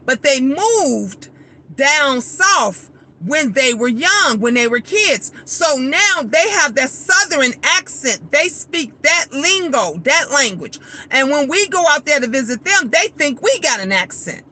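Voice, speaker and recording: A woman's voice: sits high, big pitch swings, takes it slowly, pushed and bright. A woman hosting a casual livestream chat, venting bluntly and profanely and reading out viewer comments. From Chicago. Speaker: livestream host.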